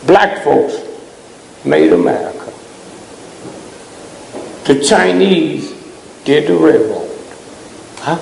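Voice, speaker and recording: A man with a deeply gravelly, somewhat high voice delivers a blunt, scolding lecture to a live audience in the cadence of a sermon. He keeps checking in with the crowd, asking "huh?". The sound rings with the long reverb of a large hall over a faint hiss. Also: big pitch swings, takes it slowly, long pauses, a little mellow. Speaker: speaker addressing a live audience. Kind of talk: fiery preaching-style lecture.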